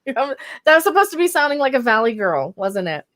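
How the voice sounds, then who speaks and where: A woman's voice: high-pitched, very animated, fast, a bit bright, no echo, studio quality. A woman hosting her birthday livestream, reading out super chats in a rambling, giggly, easily sidetracked way while stoned. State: tipsy and stoned.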